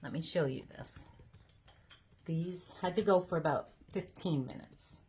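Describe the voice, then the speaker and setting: A woman's voice: sits low, a little slow, a little mellow, husky. A woman from Georgia, chatting folksily to her viewers in her home kitchen. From Georgia, USA. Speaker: home cooking vlogger. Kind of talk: casual chatty cooking video.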